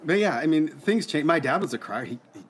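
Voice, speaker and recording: A man's voice: fairly high pitch, animated. A middle-aged man co-hosting a casual faith conversation, talking earnestly and often restarting his sentences. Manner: earnest, halting with frequent restarts. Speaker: co-host answering listener questions.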